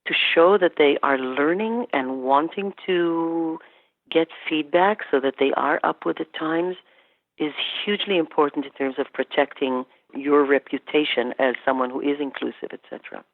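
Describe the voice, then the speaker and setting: A Canadian woman with a low-pitched voice talks at a normal speed as a guest expert on workplace incivility in a podcast interview. She tells stories animatedly, quoting both herself and her clients. The line sounds tinny and phone-like, dry with no room sound.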